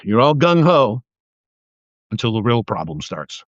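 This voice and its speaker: A man's voice: medium pitch, big pitch swings, a little slow, no echo. Profane, heated older man ranting. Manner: profane, heated and mocking, with stammered restarts. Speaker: political commentary livestreamer. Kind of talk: angry political rant on a livestream. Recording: dull dry lo-fi livestream audio.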